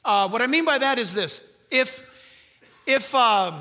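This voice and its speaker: Preaching at a measured pace, an older pastor sounds animated, his very high, nasal voice ringing bright and sharp. Earnest emphasis drives every point of the sermon, mixed with rhetorical questions and bursts of humor.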